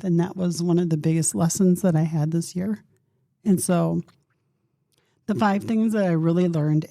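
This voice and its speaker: A woman in her fifties hosts a reflective solo podcast in a low-ish, gravelly, warm voice, recorded with clean studio sound and no room echo. Open and emotional, she thinks aloud and earnestly encourages her listeners directly.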